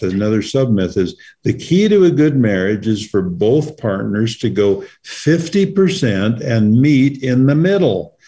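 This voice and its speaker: A man's voice: medium pitch, mellow. A middle-aged man co-hosting a talk, explaining ideas earnestly in a casual way. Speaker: co-host.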